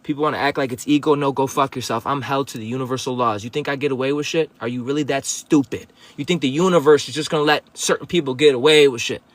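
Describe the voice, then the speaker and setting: A man's voice: medium pitch, steady tone, fast, few pauses, dry recording. A man giving a livestreamed spiritual monologue to viewers, profane, confrontational and preachy. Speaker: livestream host.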